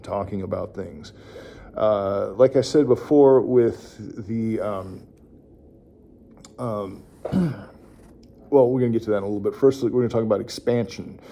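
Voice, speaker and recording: Laid-back guy giving speech therapy tips to parents, lowish mellow voice, lots of ums. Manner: relaxed, rambling with many fillers and restarts. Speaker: speech-language pathologist. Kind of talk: casual instructional talk to parents.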